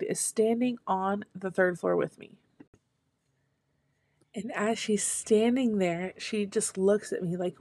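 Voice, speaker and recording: Earnest woman telling a testimony, gravelly. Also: medium pitch, darkish tone, no echo. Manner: earnest, personal storytelling. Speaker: speaker sharing a testimony. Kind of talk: devotional testimony talk.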